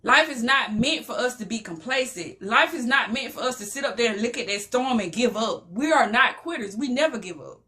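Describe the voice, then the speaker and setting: A woman's voice: on the high side, animated, a little fast, few pauses, sharp tone. A middle-aged woman telling her personal story in a motivational talk, emotional and preacher-like, repeating phrases for emphasis.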